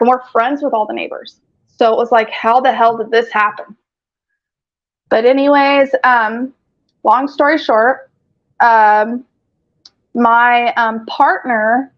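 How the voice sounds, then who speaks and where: A woman telling her story in casual chat on a group video call, rambling, cursing often and filling gaps with "um". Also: a little high. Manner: rambling, profane, frequent filler words. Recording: lo-fi call audio.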